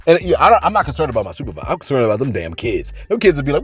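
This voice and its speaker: Casual commentary from a man whose pitch swings all over the place. His voice is husky and a little breathy, with faint music under it. He talks like he's preaching to his viewers and keeps checking in with them. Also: wildly swooping pitch, racing, few pauses. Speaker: commentary host and teacher.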